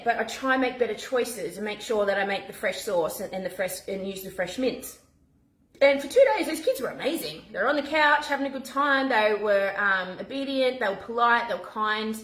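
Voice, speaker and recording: A woman, chatting casually to camera as a mum vlogger, animated and talking in quick bursts with restarts. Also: medium pitch. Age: 40s. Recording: echoey room.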